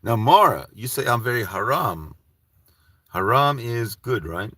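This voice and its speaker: A man's voice: medium pitch, big pitch swings, a little slow, sharp tone, no room sound. A Canadian man hosting a rambling solo show, heated and profane, often restarting his sentences. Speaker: solo channel host. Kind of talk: rambling solo livestream talk.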